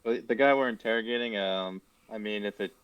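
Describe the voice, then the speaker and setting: A man playing a tabletop game, rambling quickly through his ideas. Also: fairly low pitch, smooth, no room sound. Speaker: player. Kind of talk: casual tabletop play. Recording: dull lo-fi mic.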